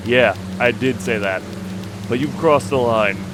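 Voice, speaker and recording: A man's voice: mid-range voice, unhurried, background noise, close to an everyday voice. A man reading the lines of a stern, corrupt male police officer in a cold, threatening way.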